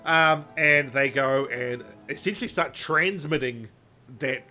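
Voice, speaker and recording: A man's voice: medium pitch, measured pace, bright, forceful tone, faint music behind. A man co-hosting a podcast, casually recapping a story in a rambling, jokey way with lots of ums. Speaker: podcast co-host.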